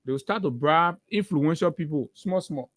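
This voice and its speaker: A man's voice: fairly high pitch, normal speed, no room sound, clean studio sound. A man with a Liberian accent giving heated, emphatic political commentary on a morning talk show, repeating phrases for force.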